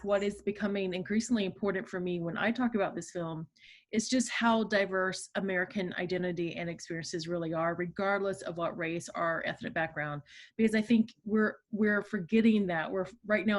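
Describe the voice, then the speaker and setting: A woman screenwriter on a virtual panel, speaking earnestly and in a measured way. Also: medium pitch.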